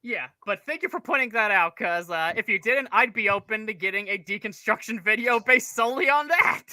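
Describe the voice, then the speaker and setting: A man's voice: high-pitched, a little fast, pushed and bright, no echo. A man co-hosting a casual show review, analytical and rambling, with the odd curse. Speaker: co-host reviewer.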